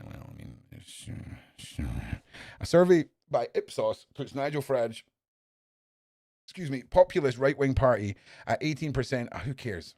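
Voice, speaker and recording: A man's voice: medium pitch, dry recording, clean studio sound. Swearing man ranting over news. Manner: swears a lot, swings from muttering to shouting. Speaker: podcast host reading news.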